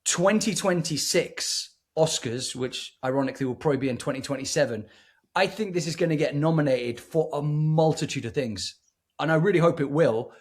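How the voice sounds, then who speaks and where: A man co-hosting a casual movie review podcast, talking in an excitable, effusive way with frequent restarts. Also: on the high side, normal speed. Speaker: podcast co-host.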